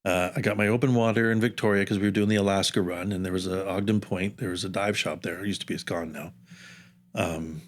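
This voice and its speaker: Man, 50s, somewhat low-pitched; casual, wandering storyteller who doubles back mid-thought. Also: fairly even intonation, fast talker. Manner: rambling, jumps around in time with asides. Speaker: underwater camera operator, podcast guest.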